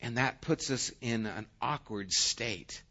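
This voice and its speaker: A middle-aged man preaching a conversational sermon as a pastor, swinging from loud emphasis to hushed asides. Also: mid-range voice, slow pace, highs cut off.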